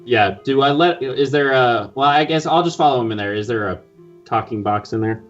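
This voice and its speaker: A man's voice: mid-range voice, fairly quick, highs cut off, faint music behind. A man playing a tabletop game, bantering with exasperation. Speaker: player.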